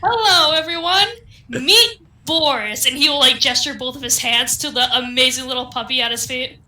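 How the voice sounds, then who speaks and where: A young woman playing a tabletop game, excitable and giggly, gushing and reacting eagerly. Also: high voice. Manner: excitable, giggly, quick to gush. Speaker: player.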